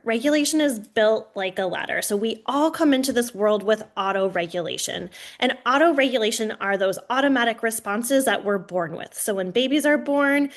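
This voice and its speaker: A woman presenting a webinar in a lively conversational way, talking straight to her listeners with frequent "right?" checks. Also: on the high side. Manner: lively, addresses listeners directly with "right?" and "y'all". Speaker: webinar presenter on early childhood regulation.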